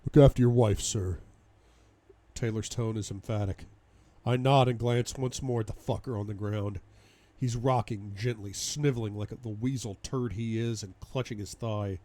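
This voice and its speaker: A man's voice: lowish voice, fairly even intonation, moderate pace, a little mellow. A man reading a first-person audiobook in an intense, dramatic way. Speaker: audiobook reader.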